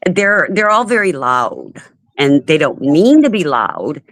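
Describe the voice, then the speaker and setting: A woman's voice: deep voice, very animated, slow pace, no echo. Chatty woman in her fifties. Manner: chatty, laughs often. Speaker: live stream host. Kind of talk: casual chat.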